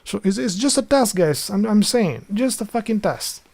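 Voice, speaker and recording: Male streamer, Albanian accent, some vocal fry, loose profane rambling monologue. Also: high-pitched, lively intonation, normal speed, a little mellow. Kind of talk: casual livestream chat.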